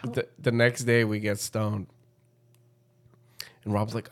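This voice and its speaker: A man's voice: on the low side, level tone, slow. Profane young man telling a story. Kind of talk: casual storytelling chat.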